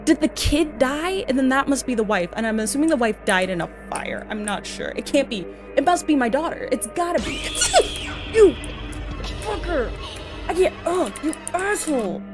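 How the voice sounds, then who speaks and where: With game music behind her, a young female streamer narrates a horror game, jumpy and addressing the game directly with frequent exclamations and curses. She speaks fairly quickly with few pauses, her high voice lively in intonation.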